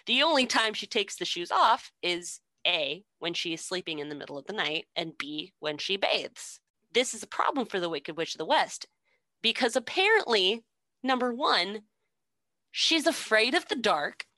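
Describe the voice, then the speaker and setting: Bright, sarcastic young woman, dry mic. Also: medium pitch, no room sound. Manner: sarcastic, swears freely, laughs often. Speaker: podcast co-host. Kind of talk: casual storytelling recap.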